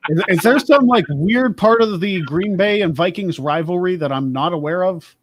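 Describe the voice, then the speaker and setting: Reading strange laws aloud and cracking jokes about them, this Pennsylvania podcast host chats casually in a high voice at a moderate pace. There's a little hiss or hum in the recording.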